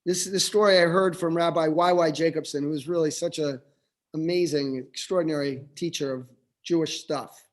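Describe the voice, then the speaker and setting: A man, a rabbi, giving a reflective Hanukkah sermon over a video call, halting and restarting as he thinks. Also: on the high side, steady tone.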